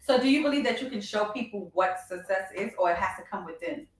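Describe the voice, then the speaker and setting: A woman's voice: mid-range voice, lively intonation, fast talker, slight background noise. Woman co-host backing up her friend, lots of agreeing, mid voice, kinda far from the mic in a roomy space. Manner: affirming, chimes in with agreement. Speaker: radio co-host. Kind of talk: casual supportive chat.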